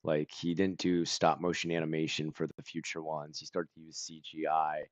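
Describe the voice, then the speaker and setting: A man chatting casually on a stream, rambling with lots of "like" and clearing his throat and coughing now and then. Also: extremely low pitch, completely flat delivery, moderate pace, no echo. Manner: rambling, full of "like" and self-corrections.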